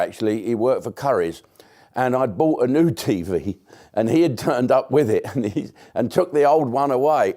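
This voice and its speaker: British comedian ranting to camera, mellow warm tone, rambly and blunt. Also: male voice, on the low side. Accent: British English. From Britain. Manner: rambling, blunt, with sarcastic asides and swearing. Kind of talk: casual monologue to camera.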